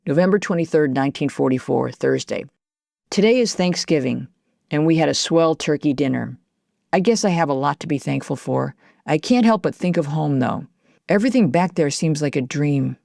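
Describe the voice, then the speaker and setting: A man's voice: on the high side, normal speed, creaky, darkish tone, no echo, clean studio sound. A woman reading as a young soldier's war diary. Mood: wistful.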